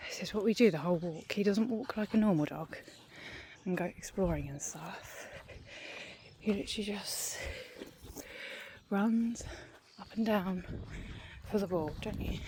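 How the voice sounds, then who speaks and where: A woman's voice: mid-range voice, normal speed, long pauses, background noise. A woman vlogger chatting casually while walking outdoors, rambling and a little out of breath. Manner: rambling, chatty, self-deprecating. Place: outdoors on a dog walk.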